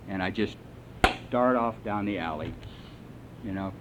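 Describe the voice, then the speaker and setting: A man telling his recovery story to a meeting, salty and animated, with lively asides. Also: on the low side, measured pace, noisy background. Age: older. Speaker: AA meeting speaker.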